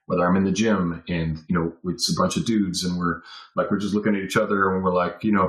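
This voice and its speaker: Man, podcast guest, very deep voice, candid and rambling, roomy echo. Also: fairly even intonation, quick pace. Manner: candid, rambling, self-deprecating. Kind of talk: casual conversation.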